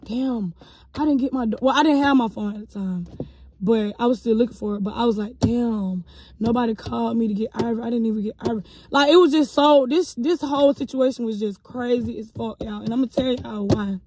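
A young woman in her twenties telling a story to her viewers in a casual, animated and profane vlog style, calling them y'all. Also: high voice, no echo. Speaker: vlogger.

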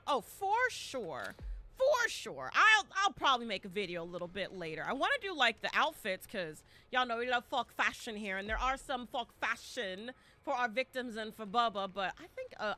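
A woman streaming a game live, her voice very bright and fairly high. She talks in a chatty, excitable way that swoops up and down, and now and then she bursts into loud shouts as the action heats up. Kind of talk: live gameplay commentary.

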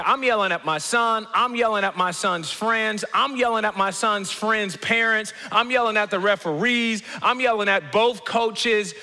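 A man preaching a comedic sermon as teaching pastor, animated storytelling that acts out quoted people with sudden jumps in pitch. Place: church auditorium. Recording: long reverb of a large church hall.

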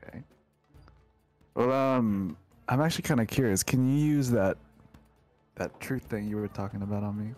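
A man playing a tabletop game, unhurried and teasing. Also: on the low side, darkish tone, faint music behind. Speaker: player. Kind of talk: casual tabletop play.

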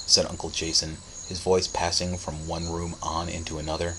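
A man narrating a story as an audiobook reading, with steady, dramatic storytelling. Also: low-pitched, moderate pace, few pauses, noisy background.

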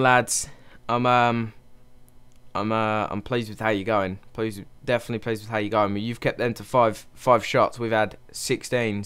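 A young man giving excitable commentary while playing a football management game, cheering his team on. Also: mid-range voice, clear, resonant tone. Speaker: gaming channel host.

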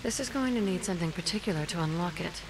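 An actress voicing a cool, mysterious female spy who speaks in a calm, dry, understated way, heard as game audio. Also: fairly low pitch, fast talker, a crowd in the background. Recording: game audio over music and rain.

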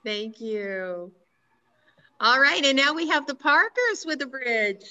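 A woman hosting an online church service over a video call, welcoming people in a gentle way. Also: high-pitched, animated, takes it slowly. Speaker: worship leader hosting. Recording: muffled video call audio.

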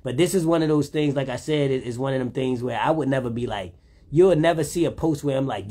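A man's voice: on the high side, animated, fast talker, warm tone, husky. A man, rambling in a laid-back, casual monologue, often saying "you know what I'm saying". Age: 30s.

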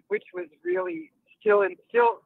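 A woman's voice: extremely high pitch, creaky, no echo. A woman from South Milwaukee calling a radio show, talking emphatically and laughing often. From South Milwaukee, Wisconsin. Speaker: caller. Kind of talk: call-in radio chat. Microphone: phone. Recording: tinny phone line.

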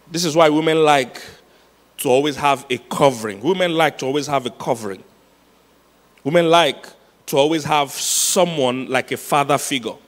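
A man preaching a sermon as pastor, telling stories with laughs and repeating his key points for emphasis. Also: fairly high pitch. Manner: storytelling with laughs, emphatic repetition. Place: large church hall. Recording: long hall reverb.

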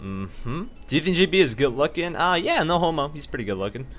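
A man hosting a casual live stream, rattling off upbeat thanks and shout-outs to viewers. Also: a little high, very animated, fairly quick. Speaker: streamer host.

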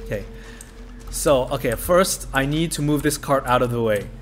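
With game music running underneath, this man gives relaxed let's play commentary, musing aloud, cracking jokes and cursing the game. He speaks in a mid-range voice at a moderate pace.

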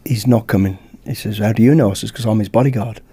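A British man, a podcast guest, telling a lively anecdote in casual chat and acting out the dialogue. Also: fairly low pitch, fast, husky. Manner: lively anecdote-teller who acts out dialogue. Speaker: podcast guest, former bodyguard.

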